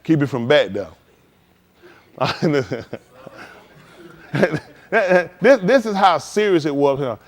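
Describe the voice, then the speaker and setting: A man preaching a live-streamed sermon in loose, slangy street talk, animated and emphatic. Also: on the high side, drawn-out words, long pauses.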